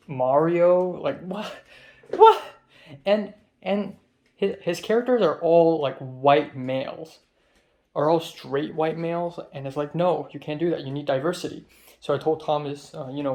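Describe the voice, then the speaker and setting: A man's voice: fairly high pitch, a little mellow. A young man from Hong Kong, a film student, talks in a rambling, profane diary vlog, full of ums and restarts. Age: young adult. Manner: rambling, profane, with many fillers.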